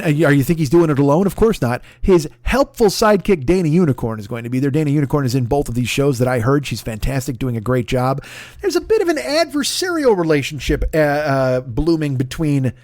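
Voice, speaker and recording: A man in his forties chats on his podcast in a loose, rambling way, swearing freely and bragging in jest. His voice sits a little higher than most men's. The sound is dry and close, with no room around it. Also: a little mellow, dry recording. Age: 40s. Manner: profane, rambling, mock-boastful. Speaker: podcast host. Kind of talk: casual comedic podcast plug.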